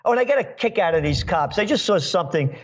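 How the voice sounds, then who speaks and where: A man from New York talks in an emphatic, sarcastic way as a podcast guest. His voice sits a little high and comes through a dull, muffled lo-fi line. He slips into mocking voices to make his points. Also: animated, fast talker, husky. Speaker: guest forecaster. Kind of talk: opinionated podcast interview.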